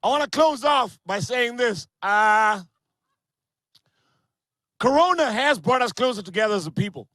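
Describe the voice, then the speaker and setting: Brash comedian, high voice. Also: male voice, unhurried, long pauses, no echo. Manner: brash, crude, animated storytelling with voiced characters. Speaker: stand-up comedian. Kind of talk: online stand-up set.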